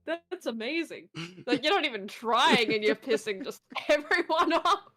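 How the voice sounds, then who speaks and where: A woman's voice: high-pitched, expressive, moderate pace, sharp tone, dry recording, studio quality. A woman guest in casual stream chat, laughing often and swearing casually.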